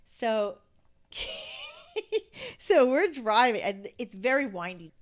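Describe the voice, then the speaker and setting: Lively storytelling woman in her fifties. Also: on the high side, extremely slow. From New Jersey, USA. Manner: animated, acts out quotes, many fillers of "like". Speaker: podcast guest. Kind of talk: casual anecdote storytelling.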